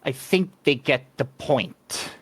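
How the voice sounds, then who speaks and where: Game master voicing a firm woman mentor, calm, measured speech, dry close sound. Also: mid-range voice, husky, no echo.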